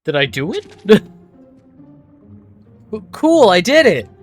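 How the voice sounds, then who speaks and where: A streamer giving lively, laughing let's play commentary and reading game text aloud. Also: medium pitch, takes it slowly. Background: faint game music.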